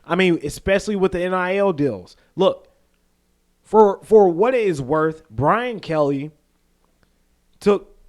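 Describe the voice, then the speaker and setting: A man from the American South co-hosting a casual sports podcast, animated and quick to act out quotes and laugh. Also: high voice. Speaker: podcast co-host.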